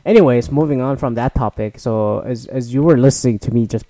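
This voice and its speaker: A man's voice: mid-range voice, a little fast, warm tone, no room sound. A man in his thirties, a podcast host, delivering a rambling, profane, exasperated solo rant.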